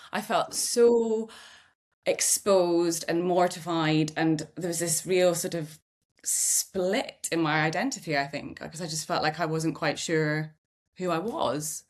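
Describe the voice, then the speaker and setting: A middle-aged woman from Scotland, a podcast host, speaking candidly and thoughtfully in relaxed conversation with some self-deprecating humour. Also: fairly low pitch, measured pace. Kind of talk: reflective conversational chat.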